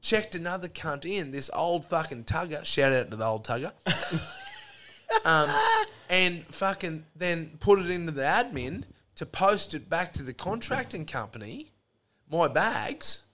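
A man's voice: a little high, big pitch swings, measured pace, sharp tone, slight background noise. A man with an Australian accent, a podcast guest telling crude, profane stories in casual chat and acting out both sides of the arguments.

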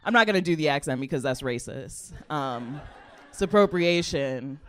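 A young adult woman comedian telling a personal story in a chatty, animated way, laughing often and using a lot of "like" fillers. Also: sits low, moderate pace.

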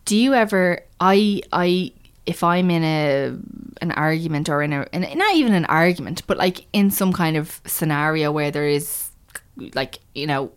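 Lively animated woman, lowish voice. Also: moderate pace, smooth. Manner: animated, storytelling, restarts often. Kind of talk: candid casual chat.

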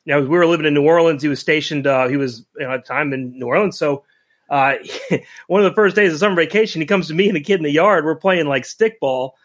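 Middle-aged male co-host, emotional and animated storyteller, voice a bit high. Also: quick pace. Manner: animated, emotional, acts out quotes. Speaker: podcast co-host. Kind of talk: casual storytelling chat.

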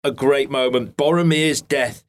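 A man's voice: medium pitch, steady tone, a little slow, a little hiss or hum. A man hosting a casual interview, chatty and laughing along with his guest. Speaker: host.

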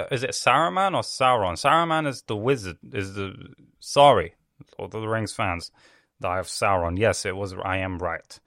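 A man's voice: low voice, vocal fry, fairly bright tone, dry recording, studio quality. A young man ranting about a cartoon in a rambling, swearing way with laughing asides. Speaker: video host. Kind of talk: casual profane rant.

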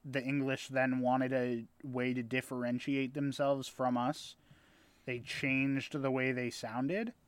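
A man's voice: mid-range voice, flat delivery, takes it slowly, clear, resonant tone, dry recording. A man telling a rambling story in casual chat with friends, swearing now and then. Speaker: podcast co-host telling a story.

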